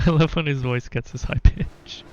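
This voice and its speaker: A man making deadpan, joking asides while live-streaming a game. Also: on the high side, measured pace, muffled recording. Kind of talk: casual gameplay commentary.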